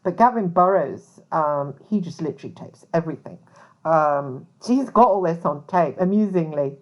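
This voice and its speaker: A woman's voice: sits low, expressive, normal speed, dull audio. A woman who works as a private investigator, talking casually to camera in a rambling way full of asides. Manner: rambling, many fillers and asides.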